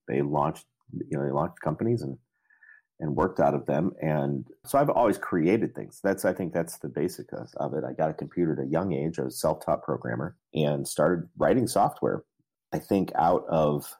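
A man's voice: rumbling low, dark tone, slightly rough. A middle-aged man, an interview guest, telling stories in a rambling, self-deprecating way and laughing often. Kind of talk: casual storytelling interview.

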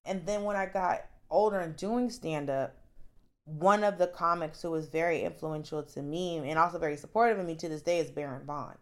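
A woman's voice: deep voice, a little fast. A woman who does stand-up, talking animatedly and casually in an interview, full of fillers and asides. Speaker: stand-up comedian guest.

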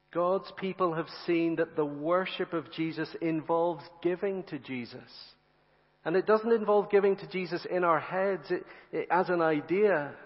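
Earnest man preaching in a reverberant hall. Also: on the high side. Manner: earnest, repeats phrases, asks rhetorical questions. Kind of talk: sermon. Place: church sanctuary. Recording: reverberant church hall, slightly dull sound.

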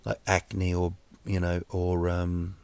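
New Zealand man, podcast host, deadpan rambling jokes, unhurried, dry close sound. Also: deep voice, vocal fry, clear, resonant tone, no room sound. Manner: rambling, deadpan jokey, frequent fillers and restarts. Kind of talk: solo comedic podcast monologue.

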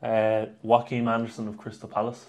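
A man's voice: fairly low pitch, completely flat delivery, a little mellow. A man co-hosting a football podcast, chatting casually and running through match results with dry asides. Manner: banter, quick rundown of results. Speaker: podcast co-host.

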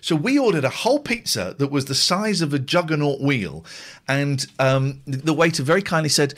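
A middle-aged man from England hosts a radio show in a loose, jokey, rambling way. His pitch swings widely as he tells stories. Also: expressive, moderate pace. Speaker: radio host reading listener messages. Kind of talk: casual chat.

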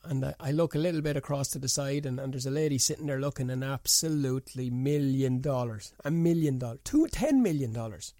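A man's voice: a little fast, hardly any pauses, dry recording, clean studio sound. Indignant man ranting. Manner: indignant, rhetorical ranting with sharp pitch jumps. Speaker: boxing pundit. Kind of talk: opinionated monologue.

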